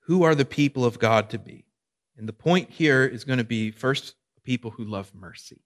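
A man's voice: medium pitch, moderate pace. A male pastor preaching a sermon in a conversational way, checking in with his listeners.

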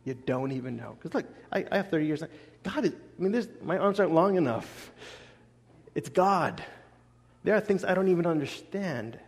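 A man in his thirties preaching a sermon, telling stories with lively acted-out quotes. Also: on the high side, normal speed, slightly rough, long reverb tail. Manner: animated storytelling, acts out quotes. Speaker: pastor.

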